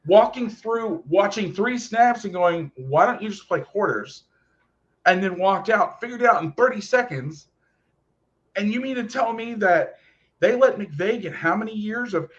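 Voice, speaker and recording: A man hosting a football talk show, ranting casually and profanely about coaching. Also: high-pitched. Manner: animated, profane, fast ranting. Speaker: football podcast host and coach. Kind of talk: casual rant. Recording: lo-fi muffled audio.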